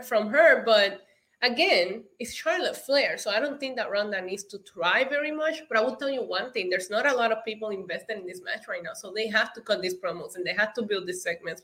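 A woman's voice: a little high, sharp tone. A woman whose first language is not English, co-hosting a casual chat and giving earnest, emphatic opinions. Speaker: podcast co-host.

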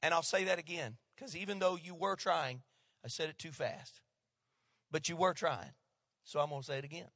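A male pastor preaching a sermon, swinging between loud emphatic lines and hushed asides. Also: fairly high pitch, fairly even intonation, normal speed, dry recording, clean studio sound.

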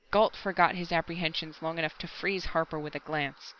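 A woman narrating a science fiction story aloud in a steady, measured audiobook reading. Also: deep voice, muffled recording. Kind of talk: scripted narration.

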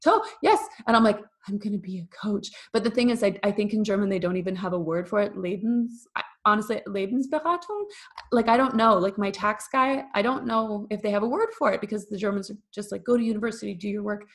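A woman from Canada in her thirties, a podcast guest telling her story in an animated, casual way, full of "like" and acted-out quotes. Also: mid-range voice, brisk. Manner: animated, acts out quoted voices, frequent fillers.

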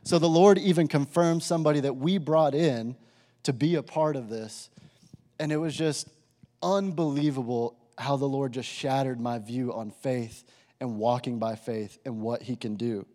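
A young man sharing a personal testimony with a live audience, in a casual, animated way full of filler words. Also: medium pitch, normal speed. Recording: reverberant hall.

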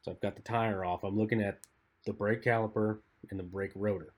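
A man co-hosting a podcast, telling stories in a laid-back, rambling way and trailing off quietly at the ends of phrases. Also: lowish voice, fairly even intonation, a little fast. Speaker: podcast co-host. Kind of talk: casual chat.

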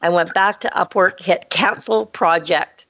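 A woman's voice: a little slow, no room sound. A woman co-hosting a casual chat, telling a story and acting out the dialogue. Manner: animated, acts out quoted dialogue. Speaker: podcast co-host telling a story. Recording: dull dry low-fi sound.

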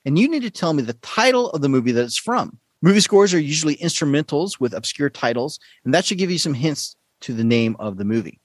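A man hosting a casual podcast quiz, playful and quick to laugh. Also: fairly high pitch, no room sound. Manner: playful, laughs often, lively delivery. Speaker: quiz show host.

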